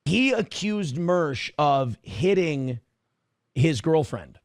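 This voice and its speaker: A man's voice: a little high, very animated, slow, dry recording, studio quality. A man co-hosting a podcast, talking in a blunt, scornful, profane way. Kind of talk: casual podcast commentary.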